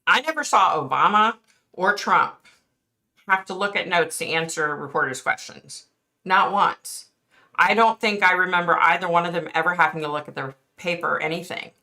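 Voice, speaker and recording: A middle-aged woman hosts a casual live stream and talks straight to her viewers, outspoken and easily fired up, swearing now and then. Her voice sits a little low but has a bright, forceful edge. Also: normal speed. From East Coast of the United States. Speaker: livestream host reading viewer chat.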